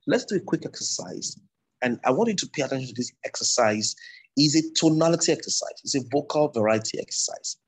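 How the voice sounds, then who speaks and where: A man with a Nigerian English accent gives a public speaking lesson in a husky, slightly breathy voice at an ordinary middle pitch. He explains in a loose, digressive way, restarting sentences as he goes. It sounds like a recorded lecture. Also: low-quality recording.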